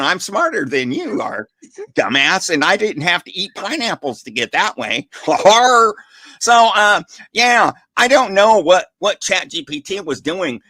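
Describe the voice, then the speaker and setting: High bright guy mocking someone on a stream, sarcastic, keeps restarting words, dry sound. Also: dry recording. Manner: sarcastic, insulting, stammering restarts. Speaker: co-host. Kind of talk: mocking comedic livestream banter.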